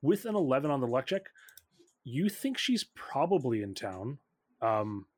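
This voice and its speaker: A man running a tabletop game as game master, narrating quickly and loosely with plenty of likes and ums. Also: medium pitch, sing-song, no room sound.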